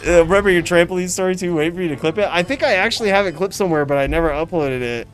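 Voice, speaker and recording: Excitable, profane male streamer. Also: high-pitched, very fast, soft background music. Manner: excitable, profane, rambling gamer talk. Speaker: streamer host. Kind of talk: casual live-stream chat.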